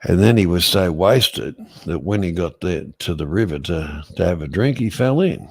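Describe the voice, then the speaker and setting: A man drifts through a long joke in casual chat, doubling back whenever he loses his place. His voice sits very low and carries a gravelly rasp. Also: expressive, a little mellow. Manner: slow, meandering storyteller who loses his thread.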